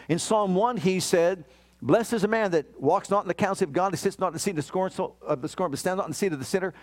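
A middle-aged man preaches a sermon in a voice pitched high for a man. He reads scripture aloud with emphasis and moves easily into stories about his own family. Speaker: pastor.

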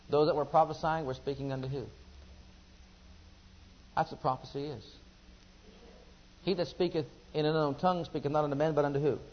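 Preacher man, fairly high voice. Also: muffled recording, slight background noise. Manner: asks the congregation questions, swings between loud emphasis and quiet asides. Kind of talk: sermon.

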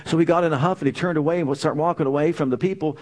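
A man delivering a sermon with emphatic, punchy phrasing. He leans on rhetorical questions and repetition to drive each point home. His voice sits a bit higher than most men's. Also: fairly even intonation, rapid-fire, darkish tone. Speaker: preacher.

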